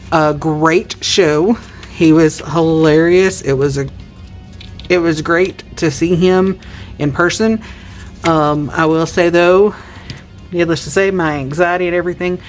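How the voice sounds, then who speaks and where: A woman in her thirties from Tennessee with a Southern accent, chatting casually to viewers while counting cash for savings challenges. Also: sits low. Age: 30s. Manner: chatty, counts money aloud. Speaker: budgeting YouTuber.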